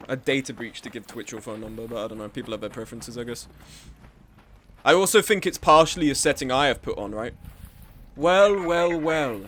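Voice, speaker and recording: A man's voice: medium pitch, a bit bright, a little hiss or hum. A man live-streaming a game, chatting casually with his chat in a sweary, self-deprecating way.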